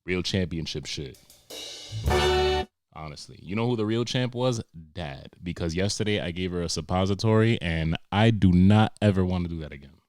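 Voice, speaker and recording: A young man, hosting a podcast and telling comic stories in a profane, animated way with sarcastic asides. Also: low-pitched, normal speed, dry recording, soft background music. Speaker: podcast host. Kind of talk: comedic monologue.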